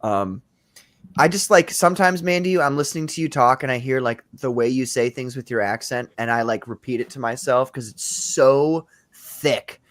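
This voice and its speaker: A man's voice: mid-range voice, normal speed, a bit bright. A man hosting a casual livestream, chatting loosely with co-hosts and reading out comments from the chat. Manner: loose, profane, reads chat comments aloud. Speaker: podcast host. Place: home streaming setup.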